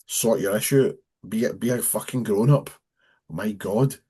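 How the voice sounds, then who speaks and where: A man's voice: lowish voice, measured pace, mellow, husky. A Scottish man in his thirties, a pro wrestler telling stories bluntly with plenty of swearing. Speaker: guest, professional wrestler. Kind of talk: casual chat.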